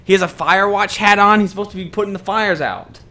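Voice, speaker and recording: A man's voice: sits high, quick pace, sharp tone. A man co-hosting a podcast in casual chat, playful and telling stories between laughs. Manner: playful, storytelling, laughs often. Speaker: podcast co-host.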